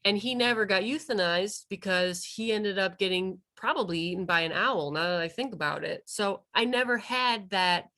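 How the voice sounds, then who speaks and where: Bright-voiced woman telling a lively story. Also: medium pitch, moderate pace, few pauses. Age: 30s. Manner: lively storytelling, acting out quoted dialogue. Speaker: wildlife rehabilitator and vet tech presenter. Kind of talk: continuing education talk told as personal story.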